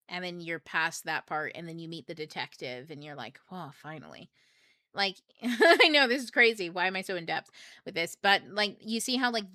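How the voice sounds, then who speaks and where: A woman's voice: fairly low pitch, bright, forceful tone, no echo, studio quality. A young woman hosting a book club livestream, talking in a rambling, joking, profane way. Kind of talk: casual livestream talk.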